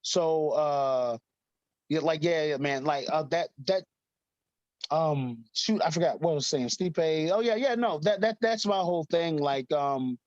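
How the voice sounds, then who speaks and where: A man's voice: a little high, unhurried, darkish tone, dry recording, muffled recording. Chatty man with lots of fillers. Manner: rambling, laughs often, many fillers. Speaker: guest, fighter. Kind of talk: casual interview chat.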